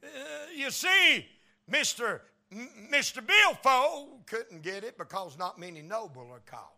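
A man preaching a sermon in a slow, folksy Tennessee drawl, building to loud shouted peaks. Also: high voice, sing-song. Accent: Tennessee Southern US.

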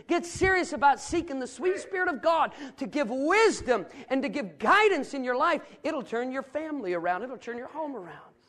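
A man from the northern United States preaches in a high, ringing voice. He piles up phrases toward loud peaks, then drops to hushed asides. The tone is earnest and pastoral throughout. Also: sing-song, normal speed, hardly any pauses. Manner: emphatic preaching, rising to loud climaxes and dropping to quiet asides. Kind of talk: sermon. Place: church sanctuary.

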